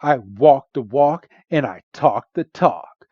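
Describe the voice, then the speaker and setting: A man voicing a brash, overconfident young woman reporter in a slow, mock-dramatic read. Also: mid-range voice, animated, no echo. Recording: dull lo-fi podcast audio.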